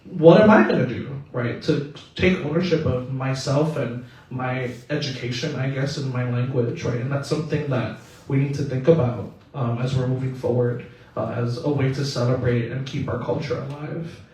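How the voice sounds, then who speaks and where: A man's voice: medium pitch, normal speed, a little mellow. Guy moderating a panel, chatty, keeps saying right, echoey room, mic far away. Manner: conversational, frequent "right?". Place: indoor theatre.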